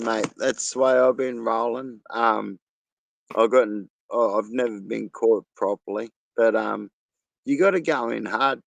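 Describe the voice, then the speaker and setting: A man's voice: fairly low pitch, vocal fry, no echo. Profane man, podcast co-host, dry close sound. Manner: blunt, profane, ranting. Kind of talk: casual chat.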